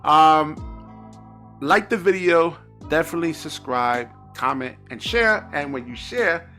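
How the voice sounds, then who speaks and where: A man's voice: a little high, measured pace, sharp tone, faint music behind. A man commentating on basketball in an exasperated, repetitive reaction rant, often tacking on "man".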